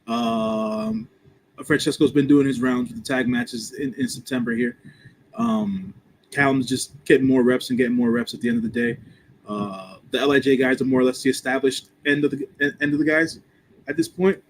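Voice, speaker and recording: A man with a gravelly edge to his voice, whose pitch swings widely as he talks. He chats in a relaxed, slangy live-stream manner, and faint background noise sits under him. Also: normal speed, low-quality recording. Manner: laid-back, lots of fillers, laughs often, slangy. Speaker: podcast co-host. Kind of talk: casual live-stream chat.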